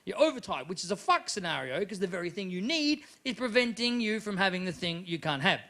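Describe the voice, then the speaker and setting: A man performs crude, chatty stand-up live at a comedy venue, laughing at his own jokes before the audience. His high voice is sing-song, pushed and bright, a little fast, and the live recording picks up room noise.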